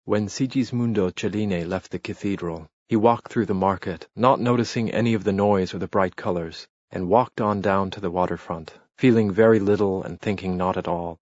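A man reads a novel aloud in a calm, steady way. His voice is deep and husky. The recording is dry and slightly muffled. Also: moderate pace, few pauses, no room sound. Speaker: audiobook narrator. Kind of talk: audiobook narration.

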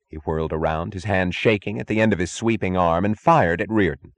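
A man reading a novel aloud as an audiobook narrator, with steady, expressive storytelling. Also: low voice, fairly quick, few pauses, no echo. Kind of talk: scripted narration.

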